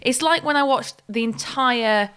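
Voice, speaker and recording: A woman's voice: fairly high pitch, unhurried, bright, forceful tone, clean tone. A woman co-hosting a podcast in casual comedic chat, giggly and enthusiastic. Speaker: podcast co-host.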